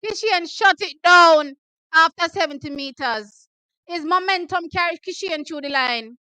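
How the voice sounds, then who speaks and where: A Jamaican woman hosting a watch party, reacting excitedly to races with exclamations and repeated shouts. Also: very high voice, unhurried, no echo. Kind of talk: excited live race reaction.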